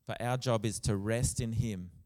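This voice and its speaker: A man preaching a sermon in a church, earnest, with soft passages and loud emphatic bursts. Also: fairly low pitch, steady tone, moderate pace. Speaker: pastor. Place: church hall. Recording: long church reverb.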